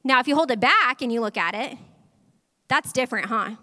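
High, bright woman pastor preaching. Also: fairly quick. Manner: animated storytelling, talks directly to audience. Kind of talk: sermon with personal story. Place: large church hall. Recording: long hall reverb.

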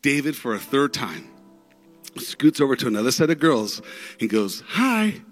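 A man preaching a sermon through stories, dramatic, with big swings in pitch and loudness. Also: moderate pace, soft background music. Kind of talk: sermon storytelling.

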